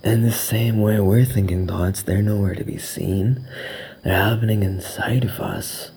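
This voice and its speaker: A young man muses through a reflective podcast monologue, now and then slipping into Urdu and sinking to a hush. His voice sits low and mellow with a husky grain. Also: fairly even intonation, measured pace. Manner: musing, mixes in Urdu phrases, drops into hushed whispers. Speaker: podcast host.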